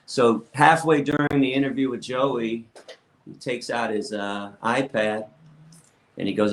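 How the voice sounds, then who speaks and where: A man guesting on a podcast interview, telling blunt, animated stories and often stammering as he restarts his sentences. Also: mid-range voice, measured pace, poor audio. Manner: blunt and outspoken.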